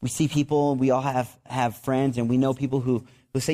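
A man preaches in an everyday, mid-range voice with nothing about it that stands out. He talks to the congregation like a friend, restarting and repeating words, and he gets animated when he tells a story. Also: medium pitch, brisk. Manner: animated storytelling with excited outbursts. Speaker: pastor. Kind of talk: sermon.

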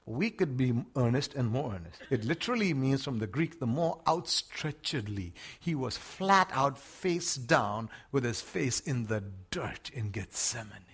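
Dramatic Australian preacher. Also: male voice, medium pitch, very animated, measured pace, few pauses, slightly rough. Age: older. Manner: swings from hushed to shouting, dramatic. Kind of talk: sermon.

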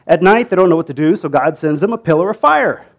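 A man's voice: on the high side, lively intonation, quick pace, muffled recording. A man retelling a Bible story in a casual, conversational way, with many fillers, restarts and asides to the listener.

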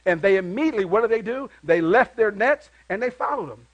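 High-voiced preaching pastor, dry sound. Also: male voice, lively intonation, fairly quick, no echo, muffled recording. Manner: call-and-response preaching, rising into loud exclamations. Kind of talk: sermon.

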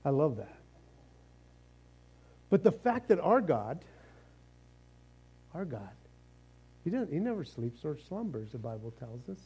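High-voiced, mellow male preacher. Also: very animated, a little slow, long pauses, breathy edge, poor audio. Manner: casual, joking preacher, conversational asides and repeated starts. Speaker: pastor. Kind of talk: sermon.

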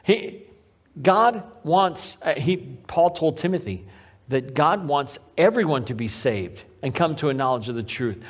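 A man preaching a sermon as pastor, repeating key phrases for emphasis and slowing down on the main points. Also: a little high, animated. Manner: varies pace, slowing on key lines.

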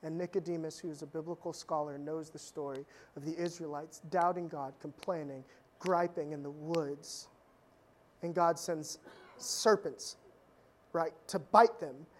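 A pastor preaching a sermon, telling stories in a conversational way with humorous asides and sudden drops from loud emphasis to quiet intensity. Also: medium pitch, steady tone, measured pace, slight background noise.

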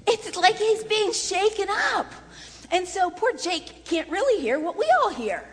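A woman leading a voice workshop for singers in a chatty, lively way with frequent laughter. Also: very high voice, unhurried. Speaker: vocal coach. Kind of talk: voice workshop lesson. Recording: long reverb in a large room.

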